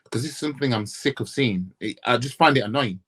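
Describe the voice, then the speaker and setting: A blunt man from Yorkshire rants into the camera as a football fan vlogger, swearing and firing off rhetorical questions. His pitch swings widely as he repeats himself for emphasis. His voice has a husky, slightly rough edge. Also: lively intonation, quick pace, fairly bright tone. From Yorkshire, England. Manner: blunt, profane, repetitive ranting with rhetorical questions. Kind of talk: ranting casual vlog.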